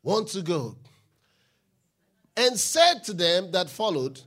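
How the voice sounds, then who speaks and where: A man preaching a sermon, reading scripture aloud and building to shouted declarations. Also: high-pitched, big pitch swings, slow, pauses often. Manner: Bible reading with call-and-response, rising to shouted declarations.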